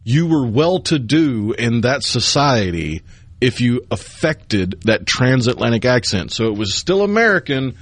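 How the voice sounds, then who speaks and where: A man's voice: medium pitch, very animated, a little slow, dry recording. A man co-hosting a radio talk show who explains facts in a trivia-minded way. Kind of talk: casual studio chat. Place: radio studio. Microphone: studio microphone.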